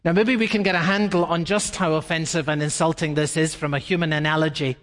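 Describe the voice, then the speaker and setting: Pastor guy preaching, high voice, gets really emphatic, echoey big room. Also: fast talker. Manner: expressive, rising to emphatic peaks. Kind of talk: sermon. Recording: reverberant hall.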